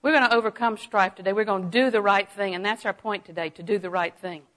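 A middle-aged woman preaching a sermon, folksy and animated, often laughing and dropping to a hush for asides. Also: mid-range voice, quick pace, rough recording. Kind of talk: sermon with personal stories.

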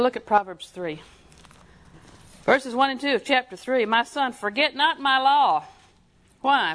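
A woman preaching a sermon in a folksy, emphatic way, often putting questions to her listeners. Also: a little high.

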